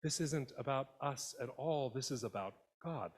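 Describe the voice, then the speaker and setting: A man preaching a sermon in a conversational, expressive way, voicing quoted lines as he goes. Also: medium pitch, moderate pace. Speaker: pastor. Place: church sanctuary. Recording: long church reverb.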